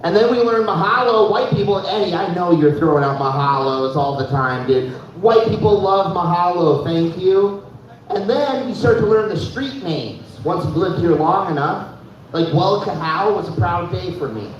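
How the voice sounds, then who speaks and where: A man's voice: sits high, lively intonation, moderate pace, slight background noise. A young man from North Dakota doing a stand-up comedy set, casual and loose, dropping "dude" all the time and laughing at his own jokes. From Fargo, North Dakota. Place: live comedy show in a room. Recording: echoey room, mic heard from far, dull.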